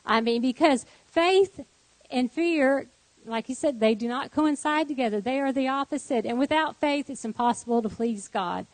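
A woman sharing a personal faith testimony as a guest, telling her story in an animated way. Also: moderate pace, no echo, rough recording. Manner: animated storytelling, voice rising high in acted quotes, laughing.

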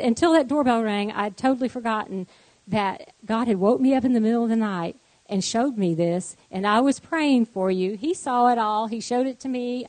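A woman sharing a personal faith testimony as a guest, telling her story in an animated way. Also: moderate pace, no echo, poor audio. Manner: animated storytelling, voice rising high in acted quotes, laughing.

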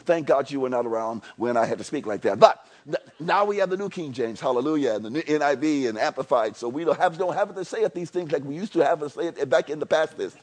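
A man preaching a sermon at a church service. He leads the congregation in call-and-response, swinging from quiet, low lines to loud shouts. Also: expressive, fast talker, few pauses. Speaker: pastor.

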